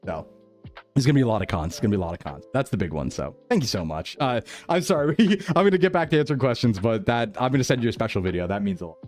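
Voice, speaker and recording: A man chatting casually on a live stream, excitable and gushing with thanks, often breaking into laughter. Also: medium pitch, fast talker, soft background music.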